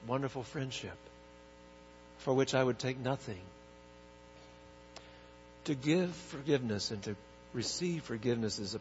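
A male pastor preaching a sermon, telling a story in an earnest way with pauses. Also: medium pitch. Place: large church sanctuary. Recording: echoey hall with dull, humming sound.

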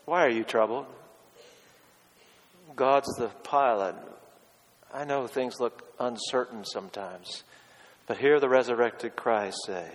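A male pastor preaching a sermon, pressing hard on key words and dropping to a hush for quotes. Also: mid-range voice, slow pace, long pauses, big-room sound, rough recording. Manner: emphatic, swinging from loud stresses to hushed quotes.

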